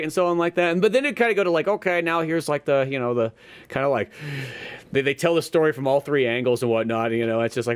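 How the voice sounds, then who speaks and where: A man co-hosting a podcast in casual chat, rambling and swearing, with loud animated retellings. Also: mid-range voice, quick pace. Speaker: podcast co-host.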